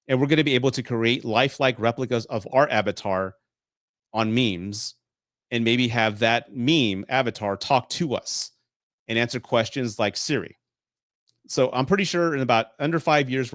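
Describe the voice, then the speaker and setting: A man's voice: medium pitch, a bit bright, no echo, clean studio sound. A man in his late forties from Texas, hosting a casual live stream Q&A, swearing freely and laughing often. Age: 40s. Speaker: host.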